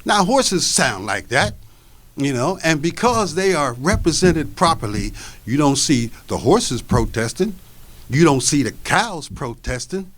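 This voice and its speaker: A man's voice: on the high side, a bit bright. A man voicing a big male Great Dane who gives an earnest speech to a crowd of dogs, in spoken word storytelling. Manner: earnest speechmaking, repeating points.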